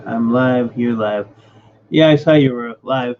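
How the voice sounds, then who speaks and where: A livestream host chats casually, greeting viewers by name and muttering as he fixes his setup. His medium-pitched voice moves slowly, and the dull audio has a faint hiss or hum.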